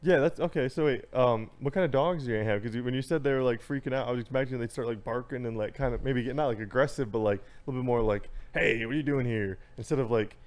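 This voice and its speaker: A young man, a podcast guest, chatting casually in halting phrases that restart often, getting worked up as he vents. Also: mid-range voice, darkish tone. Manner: halting, many restarts, gets worked up when venting. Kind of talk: casual chat.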